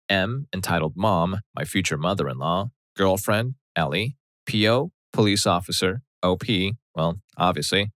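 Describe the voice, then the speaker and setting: A man narrating a Reddit story aloud in a plain, steady telling. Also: deep voice, moderate pace, no echo.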